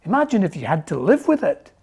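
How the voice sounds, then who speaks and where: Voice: medium pitch, very animated, quick pace, gravelly, darkish tone, slightly rough, heavily acted. A reader voicing a miserable, self-pitying little male owl who moans and pleads, in a storybook reading. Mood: pleading. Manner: whiny, moaning, pleading.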